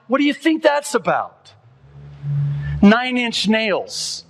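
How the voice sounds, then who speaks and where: A male pastor preaching a sermon, reading quotes aloud and working himself up to high, loud, impassioned peaks. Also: big pitch swings, slow pace, a little hiss or hum.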